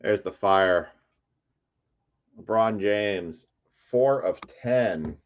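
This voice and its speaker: Man, low-pitched, animated, hype card break commentary, dull lo-fi audio. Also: extremely slow. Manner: excitable, shouts over big pulls; chatty, reads player names aloud.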